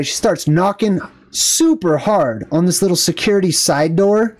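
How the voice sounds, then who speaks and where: A man's voice: high-pitched, normal speed, darkish tone. A man vlogging, telling a story in an indignant, rambling rant full of fillers and asides. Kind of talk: casual ranting storytelling.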